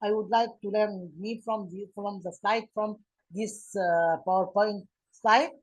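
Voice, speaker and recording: A woman teacher with an Egyptian accent, explaining English grammar from slides, pausing often with fillers and restarts. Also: medium pitch, steady tone, slight background noise, rough recording. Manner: halting, many fillers and restarts. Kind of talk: slide-based grammar lesson.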